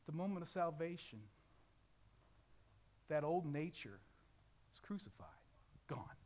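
Pastor, male, Ozarks accent, fairly high voice, lively sermon delivery that swings from loud to quiet, lots of rhetorical questions. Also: unhurried. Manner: dynamic preaching, swings from loud to hushed; asks rhetorical questions, acts out a crying baby.

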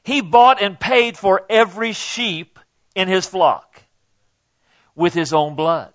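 A man's voice: sits high, slow, fairly bright tone, lo-fi sound. An older man preaching a sermon in a folksy, conversational way, speaking directly to the congregation. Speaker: pastor.

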